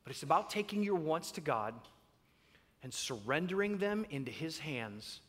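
Male pastor, high bright voice, lively storytelling, hall echo. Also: normal speed. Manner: animated, acts out voices. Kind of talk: sermon with comic storytelling.

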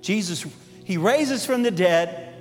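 An animated pastor preaching a sermon, his voice pitched high for a man. He tells stories with lively energy and slips into the voices of the people he quotes. The sound rings with a long hall reverb, with soft music playing underneath. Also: slow.

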